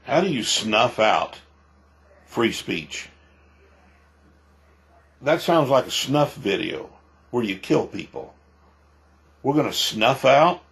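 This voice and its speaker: A man's voice: mid-range voice, very animated, slow, creaky, long pauses, a bit bright. A male pastor giving emphatic preaching commentary, repeating himself and firing off rhetorical questions.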